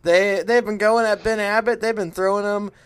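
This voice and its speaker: A man co-hosting a podcast, ranting and swearing in excitable casual chat. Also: high voice, normal speed, smooth. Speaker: podcast co-host.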